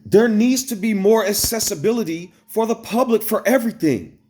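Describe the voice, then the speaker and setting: A man telling a story straight to his viewers in a casual, blunt, profane rant, swinging between loud exclamations and low asides. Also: moderate pace. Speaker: vlogger. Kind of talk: casual ranting storytelling to camera.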